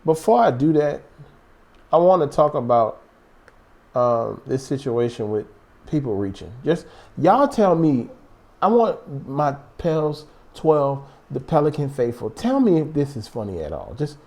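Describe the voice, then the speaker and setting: A man's voice: mid-range voice, measured pace. A man hosting a casual basketball fan show, rambling and joking as he goes. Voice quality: animated, rambling, joking banter. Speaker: sports vlog host.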